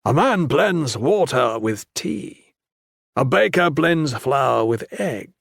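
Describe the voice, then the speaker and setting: A male narrator voicing a stern, cryptic older monk who lectures his pupil through slow, probing questions. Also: medium pitch, sing-song, vocal fry, fairly bright tone, dry recording, clean studio sound, heavily acted. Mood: stern lecturing.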